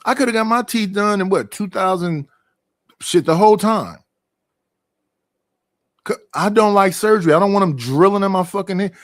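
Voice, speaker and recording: A middle-aged man rants to his stream from home. His talk is profane and animated, and he keeps asking rhetorical questions. His voice sits a little high and sounds dry and close. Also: normal speed, pauses often, no echo. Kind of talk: casual ranting monologue.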